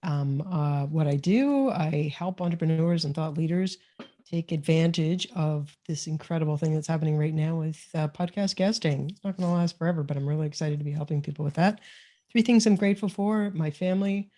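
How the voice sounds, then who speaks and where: A woman from Canada, a podcast consultant, introducing herself in a relaxed, friendly way on a video call. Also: low-pitched, fairly quick. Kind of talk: casual group video call.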